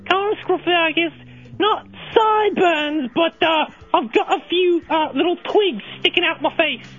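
Man faking a high bawdy British pub woman. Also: a little slow, a bit bright, lo-fi sound, soft background music. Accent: put-on British. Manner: bawdy, rambling, coarse. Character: crude middle-aged British woman, pub-goer. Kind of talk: comedic phone-in role-play.

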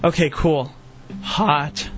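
A man's voice: on the high side, extremely slow, a bit bright. A man voicing a shy young man in an online chat, giggly and bashful. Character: shy young man who likes cuddling. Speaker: intern acting out a chat log. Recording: dull lo-fi clip with music. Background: mood music.

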